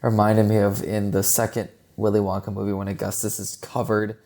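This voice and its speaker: Podcast co-host, male, warm low-key tone, rambling casual film talk. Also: completely flat delivery, brisk. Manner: chatty and rambling, heavy use of "like". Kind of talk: casual film review chat.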